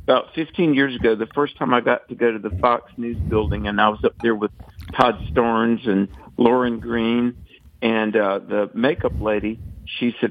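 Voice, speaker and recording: A man from the American South with a Southern accent, a radio guest telling lively anecdotes. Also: medium pitch, normal speed, low-quality recording. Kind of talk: storytelling on radio.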